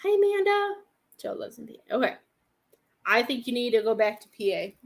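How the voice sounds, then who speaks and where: A woman's voice: on the high side, steady tone, brisk, creaky. A woman hosting a live-stream psychic reading, hesitant and thinking aloud as she speaks to viewers by name. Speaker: psychic medium host.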